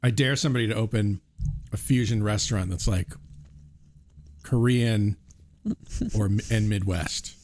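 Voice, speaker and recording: A man's voice: on the low side, steady tone, a little mellow. Male host, easygoing chat, hesitant delivery with fillers. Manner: halting, fills with "uh". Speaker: podcast host. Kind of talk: casual chat.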